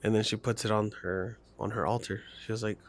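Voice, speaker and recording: A man's voice: on the low side, fairly even intonation, fairly quick. Rambling man retelling a horror story. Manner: rambling, full of "like" fillers and restarts.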